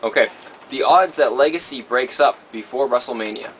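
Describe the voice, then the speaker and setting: A man co-hosting a casual talk show, running a segment and calmly explaining his picks. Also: medium pitch, moderate pace, slight background noise.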